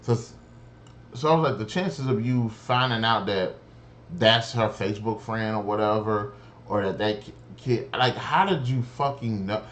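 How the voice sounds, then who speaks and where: Male reviewer, lower register, exasperated and profane, rambly delivery, light background noise. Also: a little slow, fairly bright tone. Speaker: show reviewer. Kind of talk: casual spoken review.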